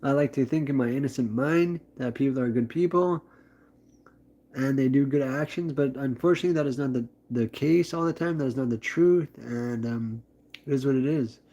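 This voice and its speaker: A man's voice: mid-range voice, moderate pace, warm tone. A man chatting on a live stream in a rambling, upbeat way, full of fillers and restarts. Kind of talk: casual live-stream chat.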